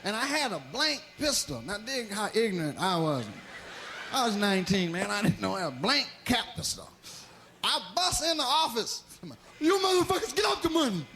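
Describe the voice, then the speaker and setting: A male stand-up comedian telling a story in a profane, animated way, swinging between loud and quiet. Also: sits high, moderate pace, a little hiss or hum.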